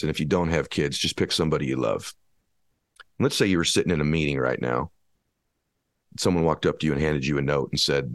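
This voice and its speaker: A man's voice: very deep voice, no room sound, studio quality. A man giving an impassioned motivational talk, hammering his points with repeated rhetorical questions. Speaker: motivational speaker.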